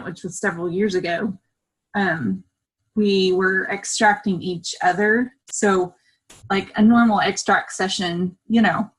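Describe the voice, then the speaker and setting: A woman's voice: medium pitch, breathy edge, low-quality recording. A woman on a video call telling a rambling personal story and acting out what she said back then. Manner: animated, rambling, acts out her own past words. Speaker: workshop participant.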